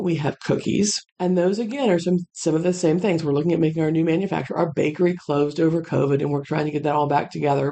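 A middle-aged woman who runs a dog kennel, telling rambling stories in a chatty, casual way with lively asides. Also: on the low side, gravelly. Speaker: kennel owner. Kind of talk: casual storytelling monologue.

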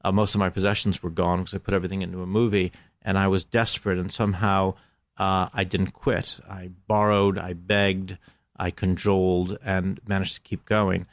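Gravelly, measured middle-aged man. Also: low-pitched, level tone, dry recording, studio quality. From United States. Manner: measured, hesitant, many fillers. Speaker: filmmaker guest. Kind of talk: reflective interview talk.

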